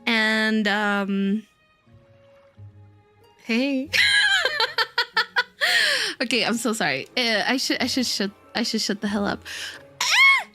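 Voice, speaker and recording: A woman's voice: a little high, takes it slowly, long pauses, pushed and bright, soft background music. A woman streamer chatting casually with her viewers, giggly and gushing and laughing often. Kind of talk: casual live-stream chat.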